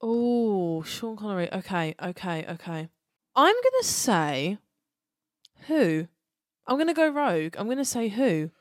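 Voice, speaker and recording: A woman hosting a podcast, chatting casually in an excitable, expressive way, swearing freely. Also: medium pitch, measured pace, dry recording, studio quality. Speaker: podcast host.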